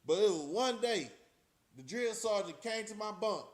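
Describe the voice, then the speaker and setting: A man's voice: high voice, expressive, moderate pace. A middle-aged man, telling a story from his youth to his viewers in a streetwise, profane way, often speaking to them directly. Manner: streetwise, profane, talks straight to the audience. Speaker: channel host.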